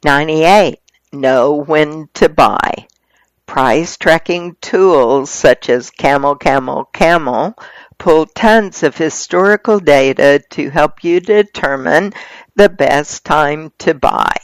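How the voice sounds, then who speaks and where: A slow, unhurried reader working through magazine articles aloud, paced and even. The voice sits in a middle register and sounds close and dry, with no room around it. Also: mid-range voice, dry recording.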